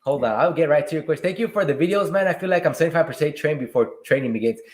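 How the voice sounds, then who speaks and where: A man with a fairly high voice hosts a casual livestream Q&A from a room at home. He reads viewer questions out loud and answers them in a relaxed, laid-back way. His voice rings in a bouncy, echoey room. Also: very fast. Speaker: livestream host and delivery driver.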